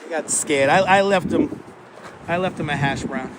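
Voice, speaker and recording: A man's voice: a little high, moderate pace. A man hosting a casual walking live stream outdoors on a city street, chatting with viewers and the animals he passes. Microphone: wireless clip-on mic. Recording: outdoor street traffic noise.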